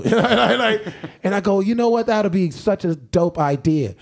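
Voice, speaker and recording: A young man telling a long story in casual podcast chat, animated and laughing often, acting out what people said. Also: sits high, measured pace, gravelly, few pauses. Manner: animated, laughing, acts out quoted lines. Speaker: podcast co-host.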